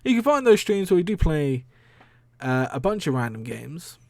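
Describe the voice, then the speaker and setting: A man talks on his own stream in a loose, rambling way, laughing often and swearing without a second thought. His voice sits a little high for a man. The sound is dry and close. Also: big pitch swings, normal speed, a little mellow, no room sound. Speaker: streamer and podcast host. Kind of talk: casual solo stream talk.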